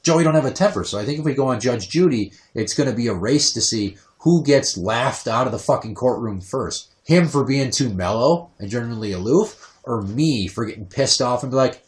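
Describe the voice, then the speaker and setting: A man hosting a casual podcast, telling stories in a profane, animated way with quick rants. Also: mid-range voice. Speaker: podcast host.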